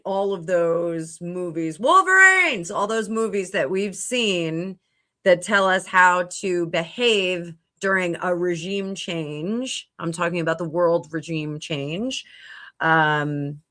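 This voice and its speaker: A woman's voice: on the low side, sharp tone. A middle-aged woman hosting a psychic livestream, chatting casually with viewers and thinking aloud with many fillers and restarts. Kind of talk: casual livestream chat answering viewer comments. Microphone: computer mic at a home livestream.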